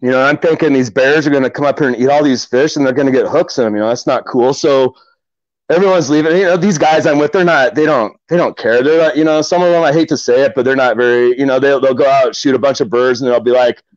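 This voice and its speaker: A man's voice: medium pitch, fast, no echo, highs cut off. A middle-aged man from Omaha, a kayak angler, tells stories casually in a podcast interview, rambling with many fillers and restarts.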